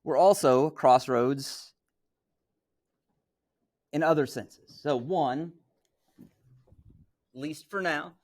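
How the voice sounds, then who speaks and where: A man's voice: a little high, very slow, long pauses, darkish tone. A middle-aged man from Missouri lecturing as a teacher, talking conversationally and checking in with "right?" as he goes. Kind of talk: classroom lecture.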